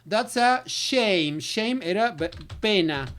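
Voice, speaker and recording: A female English teacher walks through a recorded lesson in a casual voice of medium pitch, expressive, slow, and fairly bright. She trails off into filler syllables and switches into Spanish at times.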